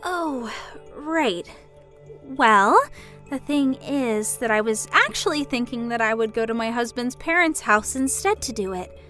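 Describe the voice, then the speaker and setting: A woman acts out a gentle young pregnant woman in a drama. She answers politely and a little hesitantly in a high voice. Faint music runs under her lines. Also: animated, a little slow.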